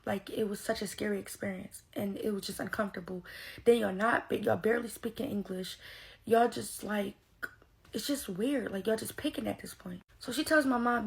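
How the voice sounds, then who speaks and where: Gravelly-voiced woman telling a story. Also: medium pitch, normal speed. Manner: animated, addresses viewers as y'all. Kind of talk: casual storytime vlog.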